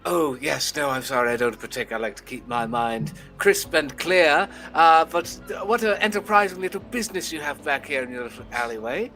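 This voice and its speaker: A man's voice: fairly high pitch, moderate pace, few pauses, pushed and bright, faint music behind. A man voicing a prim, polite female adventurer in a tabletop game, speaking in a genteel, lecturing way. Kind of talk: tabletop role-play.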